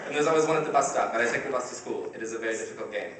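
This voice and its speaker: A young man performs a stand-up comedy set, conversational and constantly checking in with the audience. The sound is picked up from far across a very echoey hall, with steady noise in the room. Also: mid-range voice, rapid-fire. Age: young adult. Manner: conversational, asks the crowd "right?" often. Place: university comedy competition stage, audience laughing. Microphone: filmed by a shaky camera from the audience.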